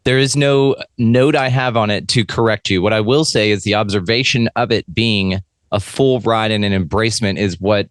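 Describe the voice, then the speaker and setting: A man chatting casually as a podcast guest, emphatic and animated, swearing freely. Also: lowish voice, dry recording, studio quality. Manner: emphatic, profane, animated storyteller. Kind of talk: casual chat.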